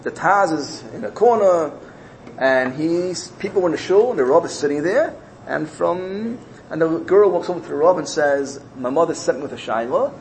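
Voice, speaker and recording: Brief: male storyteller, lively swooping pitch, slightly raised voice, repeats phrases for emphasis. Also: moderate pace, slight background noise, rough recording. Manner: repeats phrases, uses Yiddish and Hebrew terms. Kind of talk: animated storytelling.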